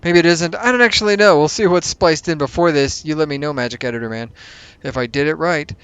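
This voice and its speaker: A man's voice: a little high, fast, fairly bright tone, clean tone, no room sound. A man hosting a let's play, giving casual commentary over his gameplay. He is chatty, thinks aloud and makes self-mocking asides.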